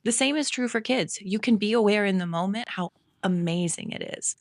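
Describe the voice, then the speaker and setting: A woman's voice: medium pitch, brisk, dry recording, clean studio sound. A middle-aged woman co-hosting a podcast, chatting in a reflective, laughing way. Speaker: podcast co-host. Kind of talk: casual chat.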